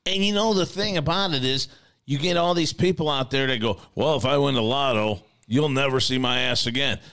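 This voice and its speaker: A man's voice: mid-range voice, a little fast, fairly bright tone, clean tone. A man co-hosting a casual stoner podcast, enthusiastic and laid-back, swearing a lot. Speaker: co-host.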